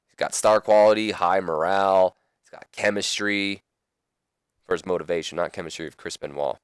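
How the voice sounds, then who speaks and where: A man's voice: sits low, clear, resonant tone, no room sound. A young man giving casual, rambling commentary on a video game, often correcting himself. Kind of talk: let's play commentary.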